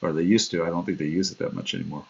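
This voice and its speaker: A livestream host with a deep, darkish, slightly rough and creaky voice talks very fast in a steady tone, rambling casually from one story to the next. He laughs at himself and acts out quoted voices over dull lo-fi stream audio.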